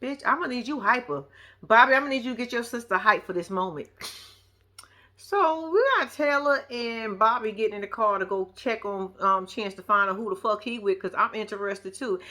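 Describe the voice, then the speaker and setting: 高音女性，声音明亮尖利，泼辣直白地吐槽真人秀。. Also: female voice, a little high, fairly quick, sharp tone. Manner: blunt, profane, sassy running commentary. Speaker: show recap commentator. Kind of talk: casual reality-show recap.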